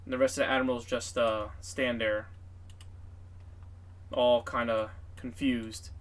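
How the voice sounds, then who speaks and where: A man's voice: mid-range voice, flat delivery, measured pace. A man narrating a tabletop game as game master, in a casual, filler-heavy, profane way.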